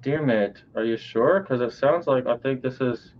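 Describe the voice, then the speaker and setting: Man, mid-pitch, muttering, dull lo-fi line, faint hiss. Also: moderate pace. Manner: frustrated, muttering about audio. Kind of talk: casual chat. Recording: muffled lo-fi call with faint noise.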